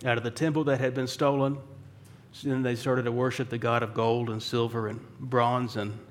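A man's voice: medium pitch, flat delivery, moderate pace. A man preaching a sermon in a conversational way, asking rhetorical questions and slipping in dry, wry humor. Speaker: pastor.

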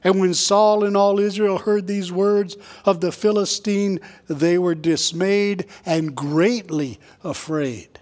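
A man preaching a sermon in a conversational way, tossing in quick asides and jokes for the congregation. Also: sits high, fairly even intonation, a little mellow. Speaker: pastor.

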